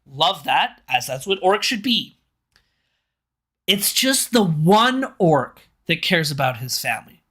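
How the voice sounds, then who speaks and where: A streamer casually reviewing a show live, animated and incredulous, laughing often. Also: medium pitch.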